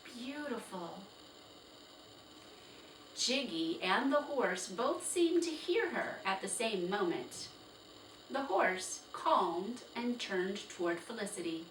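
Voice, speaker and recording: A woman reading a children's chapter book aloud with slow, expressive storytelling. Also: medium pitch. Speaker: storybook reader. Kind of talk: children's read-aloud narration. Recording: roomy, distant, faint hiss.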